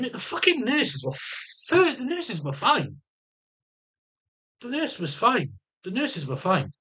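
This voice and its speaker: A man's voice: a little high, fairly bright tone. A man with a Welsh accent venting in a casual vlog monologue, rambling and swearing, restarting his sentences and speaking bluntly and sardonically. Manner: rambling and profane, with frequent restarts. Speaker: vlogger.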